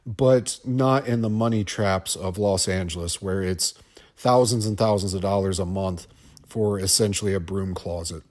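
A man's voice: low voice, moderate pace, a little mellow. A man guest-hosting a podcast, rambling through a scene-by-scene movie commentary with stammers, restarts and wry asides. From Ohio.

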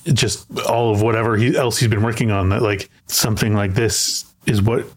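A man's voice: fairly low pitch, fairly even intonation, moderate pace. A man hosting a podcast, chatting casually about a film and often repeating words as he thinks aloud. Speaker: podcast host.

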